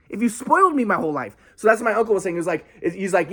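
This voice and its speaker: Fast-talking young man, rambling monologue. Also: high-pitched, very animated, sharp tone. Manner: rambling, many restarts and quoted asides. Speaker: storyteller. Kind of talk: casual personal monologue.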